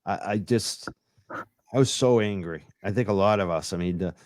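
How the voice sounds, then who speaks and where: A man's voice: sits low, normal speed, darkish tone, dry recording, clean studio sound. A man hosting a livestream podcast, eagerly backing up his guest. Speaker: host.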